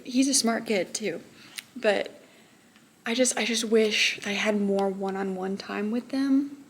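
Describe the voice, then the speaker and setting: A tired young woman with a Texan accent, a high school math teacher chatting casually in a vlog and often dropping to a whisper. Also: slight background noise.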